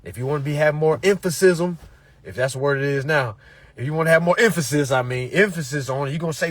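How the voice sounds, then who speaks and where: Man, motivational talker, raised pitch, husky edge, swoops a lot, profane and repetitive, keeps checking in with the audience. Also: expressive, fast talker, fairly bright tone. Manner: emphatic, repetitive, peppered with "all right?" and profanity. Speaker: motivational speaker. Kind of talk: preachy motivational talk to followers.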